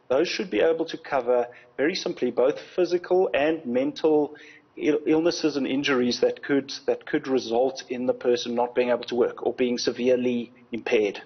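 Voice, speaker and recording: A man speaks as a guest on a TV news interview, explaining at a measured pace and repeating words as he gathers his thoughts. His voice is a little husky and sits in a middle register. The audio sounds slightly dull and muffled. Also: medium pitch, steady tone. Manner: measured, explanatory, frequent word repetitions. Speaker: insurance company executive, guest.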